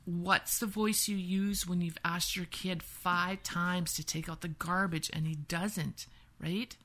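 A woman's voice: fairly low pitch, steady tone, takes it slowly, a bit bright. A woman from Canada, a women's empowerment and yoga teacher, talking through boundaries in a casual podcast conversation and acting out example phrases, often asking "right?". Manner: explains with repeated "right?" and acted-out example phrases.

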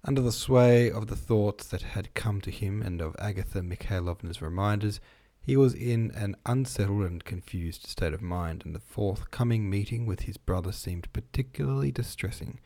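A man giving a relaxed, informal reading of a classic novel, stumbling on long words and rereading them. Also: fairly low pitch, moderate pace, hardly any pauses. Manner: chatty asides between passages. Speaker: reader.

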